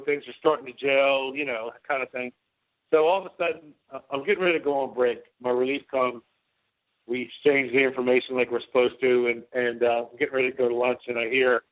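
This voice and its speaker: A middle-aged man, a former White House officer, telling rambling anecdotes as an interview guest and acting out both sides of the dialogue. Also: mid-range voice. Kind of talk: casual storytelling interview. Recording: tinny phone line.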